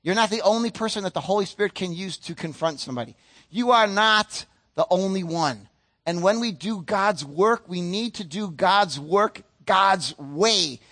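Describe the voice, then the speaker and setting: Male pastor, sermon, high voice, earnest and emphatic, drawn-out stresses, bright ringing tone. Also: lively intonation. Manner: earnest, emphatic, slows down to stress key points; acts out other people's voices mid-sentence.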